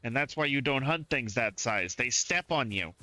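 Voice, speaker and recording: A man's voice: mid-range voice, animated, normal speed, sharp tone, no echo. A man from the southern United States chatting and reacting aloud as he streams live gameplay, keeping a mostly neutral way of speaking.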